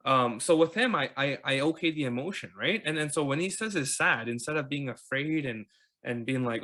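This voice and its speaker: Rambling Canadian man with a bright voice. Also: mid-range voice, lively intonation, a little fast. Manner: rambling, lots of fillers and repeated words. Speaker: podcast host. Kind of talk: casual conversational chat.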